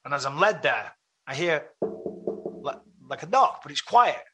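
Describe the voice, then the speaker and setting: A man's voice: a little high, unhurried, breathy edge, faint music behind. A man with an English accent, a podcast guest telling a long story in casual chat and acting out his own remarks in a raised voice. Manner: animated, acts out his own quotes with rising voice.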